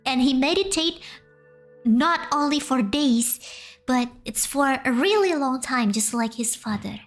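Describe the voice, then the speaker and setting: A young Indonesian-accented woman retells a folk tale in English, pausing and restarting as she translates in her head. Her voice sits high, and she takes her time over each phrase. Quiet music runs faintly underneath. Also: animated. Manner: hesitant, translating as she goes. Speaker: streamer. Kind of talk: storytelling a folk tale on stream.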